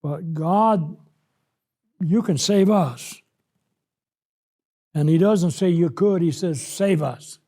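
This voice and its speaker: A man preaching a Bible lesson, emphatic, reading scripture aloud and acting out the words of God with rising force. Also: high voice. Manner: slow, emphatic, rises loud when voicing God.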